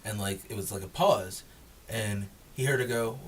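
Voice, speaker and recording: A man's voice: on the low side, normal speed, distant mic, a little hiss or hum. A man co-hosting a podcast in casual chat, laughing often and acting out quotes from people in the stories. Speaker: podcast co-host.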